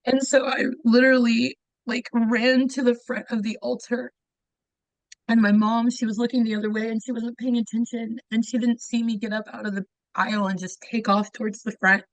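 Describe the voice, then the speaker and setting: A woman's voice: fairly high pitch, level tone, normal speed, no echo, rough recording. A woman in her thirties earnestly telling a personal testimony, often saying "like" and acting out the voices she quotes. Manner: earnest, acts out quoted voices, frequent "like" fillers. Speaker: guest sharing her testimony.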